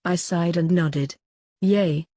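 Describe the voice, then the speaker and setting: A woman narrating a first-person story in a plain, even reading. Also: lowish voice, normal speed, no echo. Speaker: audiobook reader.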